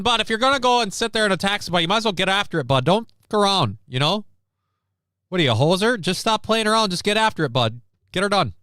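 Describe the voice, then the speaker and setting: A man putting on a brash Canadian tough guy, pitched high and loud above his natural voice. He's folksy and pushy, egging the listener on with a clear, smooth tone. The sound is dry and close, with no room around it. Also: no room sound.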